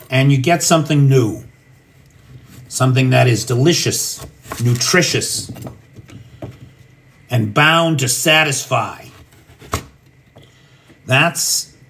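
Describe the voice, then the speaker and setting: A man's voice: on the high side, a bit bright. An American man hosting a casual livestream from his home kitchen, cooking and talking in a blunt, profane, ranting way. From United States. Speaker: livestream host.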